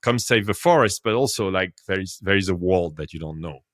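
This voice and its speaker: A French-accented man in his fifties, a podcast guest telling a story in an animated way. His voice rises and drops sharply as he laughs and gets excited. The sound is dry and close, with no room around it. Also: low voice, a little fast, dry recording. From France. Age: 50s. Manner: animated, laughs often, swings between loud and quiet. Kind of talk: casual storytelling.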